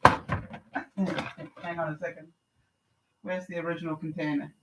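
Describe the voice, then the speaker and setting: Older canadian lady vlogging, slow easy chatter with viewers. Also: low-pitched, noisy background. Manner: chatty, relaxed, answering viewer comments while eating. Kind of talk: casual live-stream chat.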